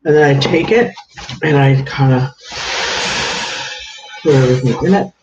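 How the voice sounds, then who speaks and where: A man's voice: mid-range voice, measured pace, music in the background. A man chatting casually on a home livestream, greeting viewers by name as he works at a counter. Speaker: livestream host. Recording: echoey room, dull lo-fi sound, faint hiss.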